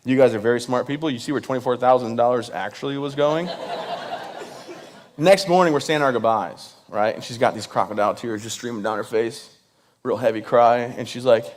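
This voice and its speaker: A man's voice: mid-range voice, moderate pace. A man from Michigan, a veteran, telling a comic story on stage in a joking, self-deprecating way while speaking straight to the audience. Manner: addresses the audience directly. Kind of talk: stand-up comedy storytelling.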